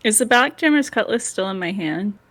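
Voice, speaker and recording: A woman playing in a tabletop game, talking slowly and laughing often. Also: mid-range voice. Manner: slow, lively, laughs often. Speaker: player. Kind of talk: tabletop role-play chat.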